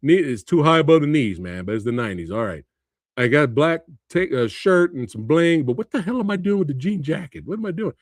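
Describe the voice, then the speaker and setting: A man hosting a casual livestream, reacting with laughter and loud exclamations, swearing freely. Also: fairly high pitch, animated, brisk, no room sound. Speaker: movie review livestream host.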